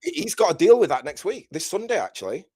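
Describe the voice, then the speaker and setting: A man chatting as a podcast guest on a handheld mic, mock-serious and deadpan. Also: sits high, fast, slightly rough, no echo, clean studio sound. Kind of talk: casual chat.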